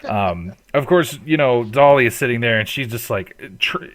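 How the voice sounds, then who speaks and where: A man's voice: medium pitch, animated, normal speed, a bit bright. A man narrating a tabletop game as game master, loose and profane, with frequent ums.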